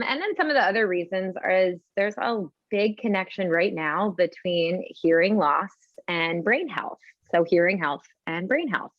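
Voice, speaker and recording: Low-voiced woman explaining calmly. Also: no echo, highs cut off. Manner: measured, explains with examples and quoted asides. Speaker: audiologist guest. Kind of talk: explanatory interview talk.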